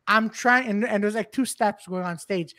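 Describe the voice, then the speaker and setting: A man's voice: high voice, normal speed, bright, forceful tone, no echo, studio quality. Rambling, swearing man hosting a podcast. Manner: rambling storyteller, swears, many restarts. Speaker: podcast host. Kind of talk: casual chat.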